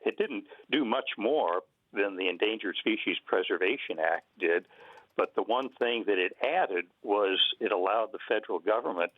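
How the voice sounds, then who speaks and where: An older man talks through a tinny phone connection, his voice sitting low. He explains things in a measured, unhurried way, stopping now and then on fillers. The sound is dry, with no room around it. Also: dry recording. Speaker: guest conservation biologist. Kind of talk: radio interview. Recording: narrow phone-line sound.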